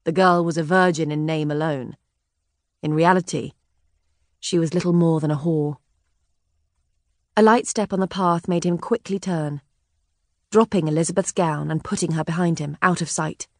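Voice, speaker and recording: A woman narrating a historical novel in a measured, even way. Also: sits low, dry recording, studio quality. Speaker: audiobook narrator. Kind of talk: scripted narration.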